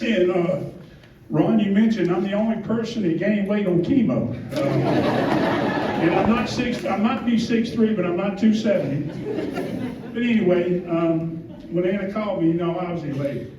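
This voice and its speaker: A middle-aged man from Georgia gives a heartfelt, rambling acceptance speech at an event, poking fun at himself and getting emotional. His voice is high and moderately paced, caught on a distant, roomy mic that sounds muffled, with a noisy background.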